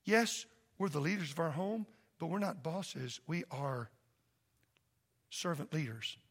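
A man who is a pastor preaching a sermon in a church, impassioned and loud at first, then soft and pleading. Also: a little high, animated, measured pace, slightly rough. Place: church sanctuary.

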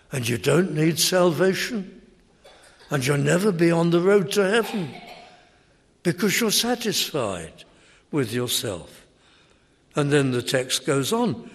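A man preaching a sermon in a measured, emphatic way, recorded in a large church hall. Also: fairly high pitch. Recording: long reverb hall.

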